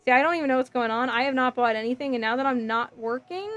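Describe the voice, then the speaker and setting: A woman hosting a casual livestream, chatting with viewers and reading their comments while she builds a model kit, rambling with lots of fillers. Her voice is going a little hoarse. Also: high-pitched, fast talker, fairly bright tone, highs cut off, soft background music. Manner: chatty, rambling, frequent fillers and self-corrections. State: voice getting hoarse.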